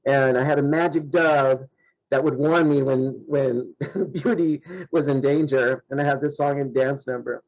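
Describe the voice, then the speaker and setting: A man's voice: mid-range voice, fairly even intonation, measured pace, darkish tone, highs cut off. A man being interviewed on a podcast, a self-described shy person telling stories in casual chat. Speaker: guest, horror host.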